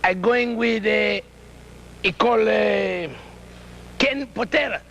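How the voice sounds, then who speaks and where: A man's voice: high voice, slow pace, vocal fry, fairly bright tone, pitched below the performer's own voice, exaggerated voice. A wrestling manager putting on the voice of a cocky male masked wrestler who talks in broken English and mock Spanish for a wrestling promo.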